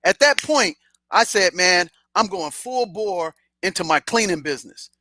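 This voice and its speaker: A middle-aged man casually telling a personal story as host, animated and streetwise, acting out the dialogue. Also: sits high, unhurried, no room sound.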